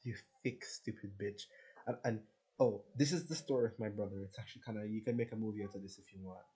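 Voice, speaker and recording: Brief: male vlogger, lowish voice, candid and profane, rambling monologue. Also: steady tone, quick pace, mellow, poor audio. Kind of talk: rambling personal rant.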